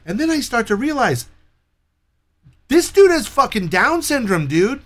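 A man with a somewhat high voice tells a story in casual conversation. He swears freely and acts out each person in lively quoted dialogue. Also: moderate pace, pauses often. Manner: profane, animated retelling with quoted dialogue.

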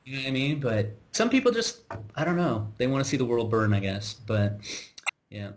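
A man's voice: mid-range voice, animated, moderate pace, a little hiss or hum. American man telling a story. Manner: rambling, frequent restarts and asides, exasperated. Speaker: podcast host. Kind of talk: casual conversational storytelling.

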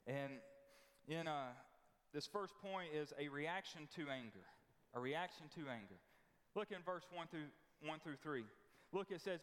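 A man's voice: fairly high pitch, lively intonation, unhurried, a bit bright. A man, a pastor, preaching a sermon in a folksy, emphatic way, repeating his points. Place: church sanctuary. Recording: long church hall reverb.

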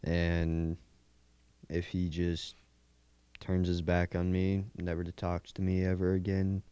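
A man in a discussion group giving short, slow answers. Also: deep voice, completely flat delivery, warm tone, smooth, no room sound. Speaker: group participant.

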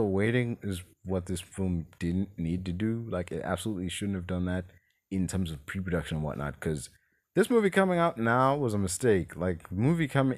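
A man's voice: low-pitched, a little mellow. A man hosting a podcast, giving a casual movie review as an exasperated, rambling rant. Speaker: podcast host.

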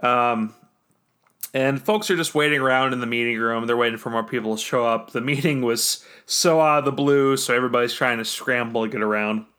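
A man's voice: mid-range voice, brisk, pushed and bright, smooth. A man narrating a tabletop role-playing session as game master, rambling with many fillers. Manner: rambling, full of fillers and restarts.

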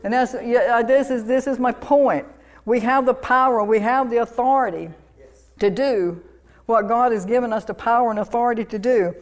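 A woman's voice: on the high side, a little mellow. Fervent woman pastor preaching. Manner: fervent, declaring and commanding with repeated affirmations. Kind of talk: sermon.

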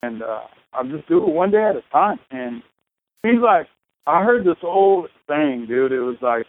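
A man's voice: on the high side, expressive, moderate pace. A man in his thirties, a podcast guest telling his story in a loose, profane, rambling way. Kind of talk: casual conversation. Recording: tinny phone-like line.

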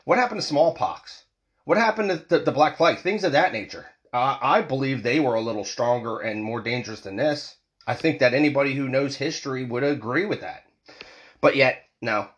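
A man's voice: medium pitch, fairly bright tone. A man in his forties from the United States, ranting angrily and profanely as a vlogger, with heated repeated restarts. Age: 40s. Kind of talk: angry political rant.

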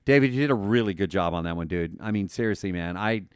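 A man's voice: sits low, animated, fast talker, clear, resonant tone, dry recording, studio quality. A man hosting a podcast, talking casually and enthusiastically, often repeating and restarting words. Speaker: podcast host.

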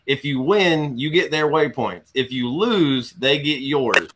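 A man's voice: mid-range voice, animated, unhurried, noisy background. A man hosting a casual fishing chat show, loose and joking, heavy on slang. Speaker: host.

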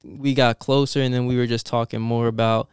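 Young male guest, smooth resonant voice, animated storyteller, dry close sound. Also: medium pitch, fairly quick, no echo. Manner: animated, laughing, many fillers and restarts. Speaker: guest, dental assistant. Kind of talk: casual storytelling interview.

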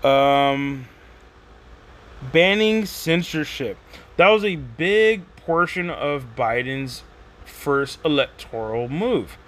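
A man's voice: a little high, takes it slowly. A man talking in a rambling, casual monologue as a podcast host. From Texas. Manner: rambling, animated, conversational with slang.

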